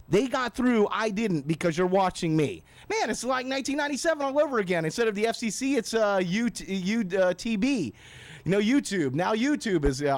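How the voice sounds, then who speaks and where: A man's voice: high voice, no room sound. A man hosting a radio show, ranting in a blunt, profane, sarcastic way. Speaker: radio host. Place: radio studio.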